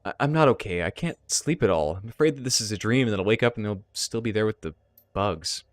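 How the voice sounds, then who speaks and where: A man's voice: fairly low pitch, expressive, quick pace, no echo, lightly acted. A man doing a haunted young elf woman. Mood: frightened. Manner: shaky, urgent, fearful.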